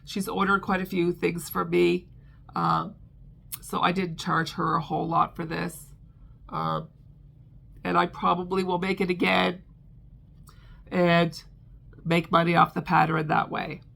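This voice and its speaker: Middle-aged woman talking crochet, lots of ums and restarts, a bit of gravel in her voice. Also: fairly low pitch, little pitch movement, measured pace, pauses often, a bit bright. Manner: chatty, with many ums and restarts. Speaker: crochet vlogger. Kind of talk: casual chat.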